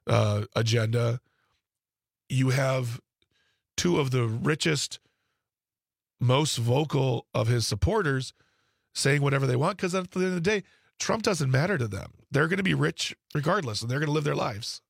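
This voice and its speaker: A man with a gravelly, husky voice talks through politics in a loose, conversational way, restarting his sentences and adding asides. The sound is dry and close. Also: medium pitch, lively intonation, normal speed, pauses often, no echo. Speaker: political commentator. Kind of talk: casual political discussion.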